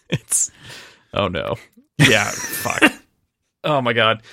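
A man's voice: lowish voice, very animated, drawn-out words, creaky, pushed and bright, dry recording, clean studio sound. A man co-hosting a casual book discussion, joking and laughing often. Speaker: podcast co-host.

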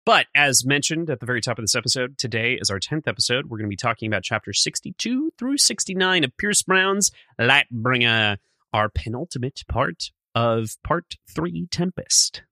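Sick guy with a stuffy nasal voice, laid-back podcast banter, bright tone, dead dry sound. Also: mid-range voice, expressive, moderate pace, no room sound. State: congested, recovering from illness. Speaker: podcast co-host. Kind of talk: casual chat.

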